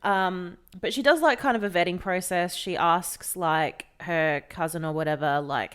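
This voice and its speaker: A woman's voice: lowish voice, normal speed, hardly any pauses, clear, resonant tone. A woman co-hosting a podcast, telling a story in casual chat, swearing freely and acting out the people in it. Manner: animated storyteller, swears freely, acts out quoted voices. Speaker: podcast co-host.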